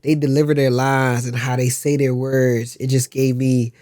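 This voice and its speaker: A man's voice: medium pitch, flat delivery, normal speed, darkish tone. A man in his thirties, an actor being interviewed, chatting casually in easygoing slang and acting out lines in changing voices. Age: 30s. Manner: easygoing, laid-back slang; acts out lines in varied voices. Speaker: actor guest.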